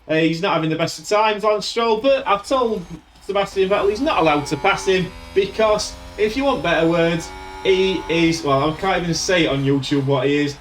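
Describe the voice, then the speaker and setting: A man with a voice that sits high talks expressively at a normal speed while casually commentating a race in his racing management game, clearly exasperated. He's a gaming video host doing let's-play commentary. There's game music behind the distant mic and a little hiss or hum.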